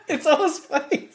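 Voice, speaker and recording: A man in his forties hosting a casual podcast chat about a TV show, animated and laughing often as he acts out characters. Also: very high voice. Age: 40s. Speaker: podcast host.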